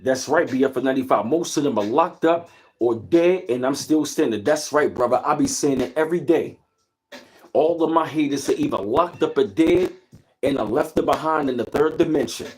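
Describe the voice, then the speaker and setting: A man's voice: a little high, moderate pace. A man hosting a livestream. He gives a casual, preachy motivational talk, greets his chat and repeats his points. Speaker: livestream host.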